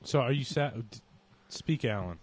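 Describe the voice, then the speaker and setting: A man hosting a podcast, chatting casually and reading a poem aloud in a dry, unhurried way. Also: mid-range voice, expressive, slightly rough. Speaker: podcast host. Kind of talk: casual chat and poetry reading.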